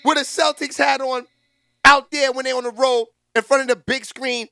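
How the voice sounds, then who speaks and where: A man hosting a casual commentary vlog, loud, excitable and full of slangy trash talk. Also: extremely high pitch, moderate pace, clean tone, dry recording, studio quality. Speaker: host.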